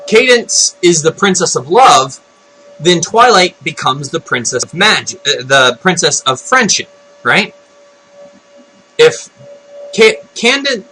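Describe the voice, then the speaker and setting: A man giving an unscripted, excitable rant about a cartoon episode, retelling it with loud exclamations. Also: a little high, poor audio. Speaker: video blogger. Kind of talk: unscripted ranting commentary.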